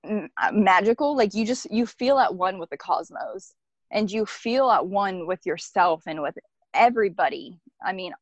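A woman's voice: mid-range voice, dry recording. A woman earnestly recounting a personal experience, rambling and filling her speech with "like". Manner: earnest, rambling, frequent "like" fillers. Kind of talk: personal storytelling. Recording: dull lo-fi dry recording.

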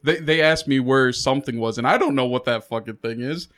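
A man's voice: mid-range voice, fairly bright tone. A man chatting on a podcast, telling stories in a joking, profane way. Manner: joking, profane, quick to laugh. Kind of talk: casual chat.

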